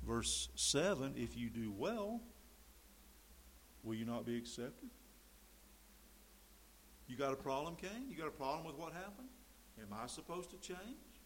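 A man preaching a sermon, emphatic, swinging between loud stresses and quiet mimicked asides. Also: medium pitch, big pitch swings, takes it slowly, pauses often, slight background noise, rough recording. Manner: emphatic, rising and dropping to mimic quoted voices.

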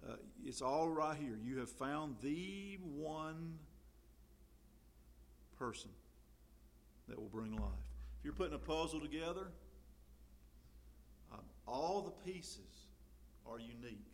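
A man's voice: on the high side, expressive, takes it slowly, pauses often, slight background noise. Man preaching a folksy sermon. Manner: conversational preaching with many fillers, rising loud on scripture.

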